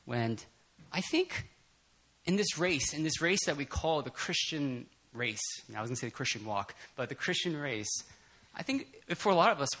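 Male preacher, casual sermon, somewhat high voice, bright tone, animated, laughs a lot, lots of fillers. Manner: animated, laughs often, many fillers and restarts. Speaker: preacher at a prayer meeting. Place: church meeting room.

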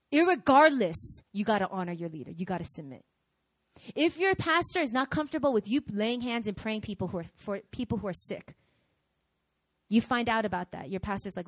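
Animated woman preaching a sermon. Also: fairly high pitch, no room sound. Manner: animated, acts out quoted voices. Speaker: pastor.

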